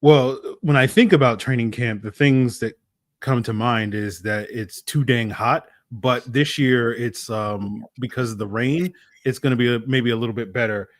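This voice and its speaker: Measured male podcast co-host with a mid-range voice and dry, close sound. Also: mid-range voice, dry recording. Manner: measured and thoughtful, with some fillers. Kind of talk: sports talk podcast.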